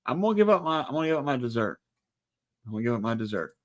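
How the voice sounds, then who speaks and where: A man's voice: mid-range voice, big pitch swings, very fast. A middle-aged man co-hosting a casual livestream, trading dry, teasing banter. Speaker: livestream co-host.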